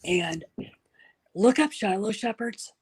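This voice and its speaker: A woman chatting casually as a guest, an animated storyteller who drops into soft whispers. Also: mid-range voice, slow pace, breathy edge, no room sound, rough recording. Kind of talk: casual chat.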